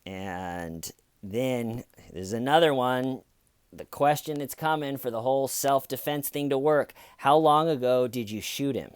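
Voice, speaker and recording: A man hosts a comedic true crime commentary, talking with a sarcastic edge and slipping into mocking voices for the people he quotes. His voice is smooth and resonant, and it is recorded close and dry with no room sound. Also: medium pitch, measured pace, dry recording.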